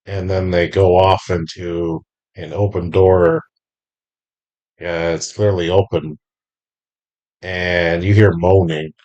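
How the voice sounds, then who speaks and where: Low-ish guy gm, talks real slow, describing the tomb step by step. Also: level tone, darkish tone, dull audio. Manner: slow, deliberate scene description. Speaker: game master. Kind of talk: narrating a tabletop game.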